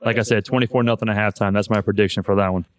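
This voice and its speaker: A man's voice: fairly low pitch, fairly even intonation, rapid-fire, no echo. A man hosting a podcast in casual chat, loose and profane, saying "man" all the time. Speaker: podcast host.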